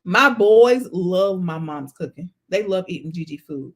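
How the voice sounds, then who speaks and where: A woman, hosting a casual chat and telling family stories in a lively way, now and then breaking into song. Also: on the low side, a little slow. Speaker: vlog host.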